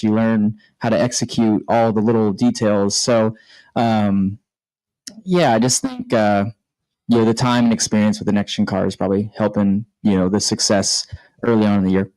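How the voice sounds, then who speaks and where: A man, a race car driver, answering in a post-race interview in a measured way with many fillers. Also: on the low side, darkish tone, no room sound, poor audio.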